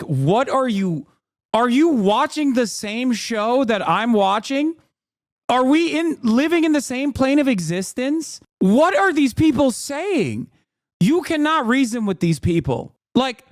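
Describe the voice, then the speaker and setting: A man streaming political reactions in a strikingly high voice. He rants with exasperated disbelief and heavy profanity. His sound is dry and close to the mic. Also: dry recording. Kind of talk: live reaction commentary.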